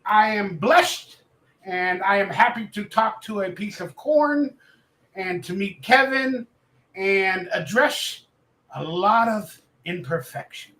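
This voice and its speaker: A man's voice: high-pitched, animated, slow pace, pushed and bright. A man speaking as an interview guest, in earnest, rambling casual chat. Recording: echoey room.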